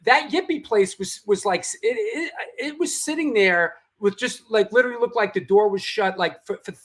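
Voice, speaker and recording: A man from New City, hosting a casual interview with stumbling restarts and quick agreement. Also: sits high, a bit bright. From New York City. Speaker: podcast host.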